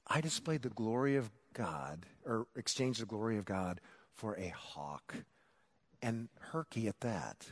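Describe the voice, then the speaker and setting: A middle-aged man preaching a sermon, telling a story about himself in an animated, self-mocking way and acting out the shouting. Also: lowish voice, unhurried. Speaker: pastor.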